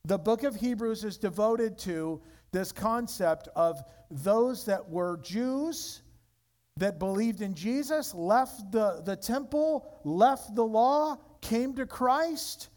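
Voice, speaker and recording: A man preaching a sermon as pastor, emphatic, with wide swings between loud high peaks and low quiet stretches. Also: expressive, slow.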